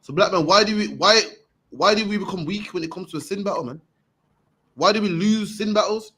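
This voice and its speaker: A man preaching to a group, punchy and forceful, ending his lines with "man". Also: high voice, fairly quick, slightly rough. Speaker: street preacher teaching a group. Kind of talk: impassioned preaching.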